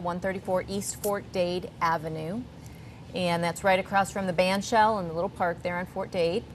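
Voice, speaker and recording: A woman guest on a cooking show talks in an earnest, chatty way that wanders a little. Her voice sits on the lower side. A faint hum of the room sits behind her. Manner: earnest, chatty, slightly rambling. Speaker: guest from a youth charity. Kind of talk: TV talk-show interview.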